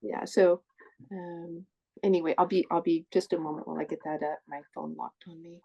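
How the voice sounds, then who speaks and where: A woman's voice: fairly low pitch, fairly even intonation, fairly quick, creaky, husky, muffled recording. A woman presenting to a group over a video call, talking in a chatty way, often correcting herself and apologizing. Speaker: presenter of a support group session. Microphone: earbuds with a phone.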